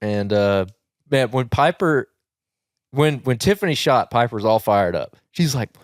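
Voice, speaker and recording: Southern guy podcast host, rambling animated story, laughs a lot, dry close mic. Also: mid-range voice, unhurried, dry recording. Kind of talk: casual storytelling chat.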